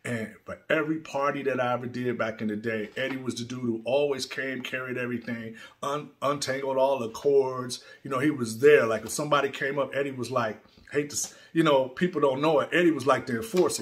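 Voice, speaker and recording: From his studio, a man hosting his own video channel talks casually in a heartfelt, rambling vlog, repeating words as he goes. His mid-range voice is steady and paced at normal speed.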